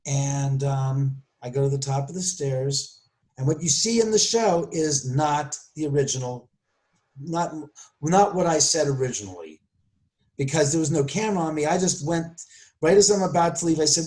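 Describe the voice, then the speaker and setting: Animated man telling a story. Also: fairly high pitch, fairly quick. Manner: animated, acts out quoted voices; restarts and self-corrections. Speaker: podcast guest. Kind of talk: storytelling interview.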